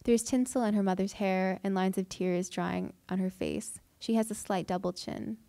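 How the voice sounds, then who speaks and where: A woman, a fiction writer, reading her own prose aloud at an event with measured, deliberate delivery. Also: mid-range voice, animated, creaky, mellow, dry recording. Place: event hall.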